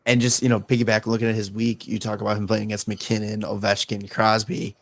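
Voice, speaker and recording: A man talks hockey on a podcast in a low, gravelly voice. He stumbles and restarts often as he chats casually, and the sound is close and dry. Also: little pitch movement, dry recording. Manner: halting, many restarts and fillers. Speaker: podcast co-host. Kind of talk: casual sports chat.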